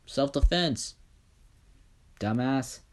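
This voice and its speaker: A man's voice: mid-range voice, drawn-out words, voice pushed up. A man voicing an arrogant teenage boy who calls himself the son of God, talking coldly and dismissively. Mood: cold, scornful. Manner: cold, dismissive.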